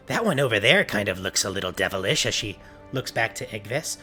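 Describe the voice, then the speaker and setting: A man narrating as game master of a tabletop game online, animated and often laughing, with many fillers. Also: on the low side, a little fast, husky, soft background music.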